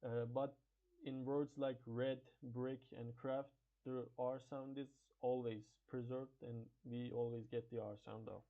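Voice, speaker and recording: Man, first language Turkish, halting class presentation, fillers and restarts, flat delivery, tinny phone-like sound. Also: mid-range voice.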